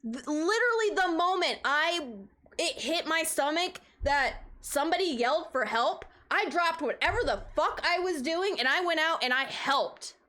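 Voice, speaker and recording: A woman's voice: extremely high pitch, lively intonation, normal speed, pushed and bright. A woman streamer telling a story in a heated, profane, emphatic way. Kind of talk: casual storytelling rant.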